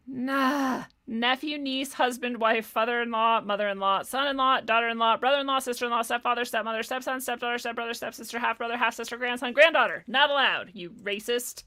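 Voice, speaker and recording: A woman's voice: fairly high pitch, a little fast, sharp tone. A woman host ranting sarcastically in casual commentary, exasperated and profane, often laughing.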